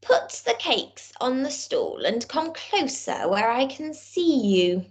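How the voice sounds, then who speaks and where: A woman voicing a gruff, sly, hungry male wolf while reading a fairy tale to young children. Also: high-pitched, big pitch swings, takes it slowly, exaggerated voice. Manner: storybook reading voice for small children.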